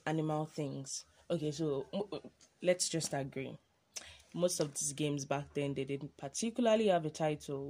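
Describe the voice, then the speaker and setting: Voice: medium pitch, darkish tone. A podcast host, chatting casually and rambling through a monologue with many ums and self-corrections.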